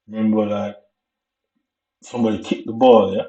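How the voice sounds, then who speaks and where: Through a dull, distant mic in an echoey room comes a young vlogger from Jamaica, his voice on the low side, flat and mellow. In a Jamaican accent, he rambles on with a long, slangy story, loose and relaxed.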